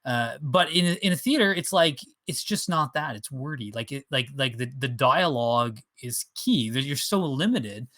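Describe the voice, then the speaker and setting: A man with a mid-pitched voice co-hosting a podcast. He talks eagerly and loosely, with many fillers. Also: lively intonation, normal speed, hardly any pauses, sharp tone. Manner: filler-heavy, enthusiastic. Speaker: podcast co-host. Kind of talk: casual chat.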